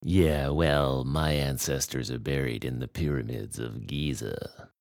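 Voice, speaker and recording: A man's voice: extremely low pitch, fairly even intonation, a little slow, vocal fry, a little mellow, no room sound, clean studio sound, pitched below the performer's own voice, full character voice. A man voicing a lazy, smug male alley cat in a bored, dismissive drawl.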